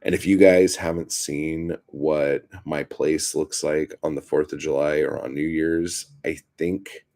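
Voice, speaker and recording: A man's voice: extremely low pitch, fairly even intonation, unhurried, hardly any pauses, darkish tone. A man hosting a livestream, telling stories in a profane, rambling, filler-heavy way. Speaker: livestream host. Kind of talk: casual storytelling livestream.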